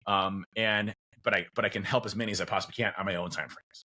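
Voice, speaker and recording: A man's voice: low voice, fairly even intonation, fast talker, pushed and bright. A man, likely a father of teens, chatting casually as a podcast guest, rambling with lots of fillers and acting out quoted conversations. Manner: rambling, many fillers and restarts; acts out quoted dialogue.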